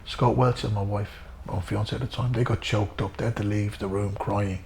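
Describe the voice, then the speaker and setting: Gravelly Irish man telling stories earnestly. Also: lowish voice, steady tone, moderate pace, a little mellow, a little hiss or hum. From Ireland. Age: middle-aged. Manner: earnest, repetitive, addresses the host by name. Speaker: interview guest, former boxer. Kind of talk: emotional storytelling.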